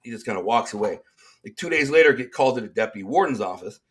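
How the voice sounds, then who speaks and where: A middle-aged man with a Detroit accent, talking as a guest in a sit-down interview. He tells his stories in a casual, streetwise way, slipping into the voices of the people he quotes. His pitch sits in the middle range for a man. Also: fast. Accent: Detroit, Michigan. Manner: streetwise, animated, acts out quoted dialogue.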